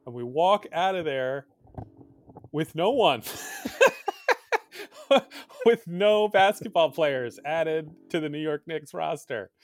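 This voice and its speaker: A man in his thirties, a podcast co-host, telling a story in a lively, laughing way. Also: fairly high pitch, slow, pauses often. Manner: animated storytelling, laughing often. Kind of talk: casual chat.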